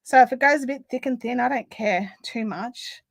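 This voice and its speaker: A woman's voice: fairly high pitch, moderate pace, creaky, no echo. An Australian woman hosting a casual live craft chat, chatty and easily amused, a little out of breath. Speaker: craft livestream host.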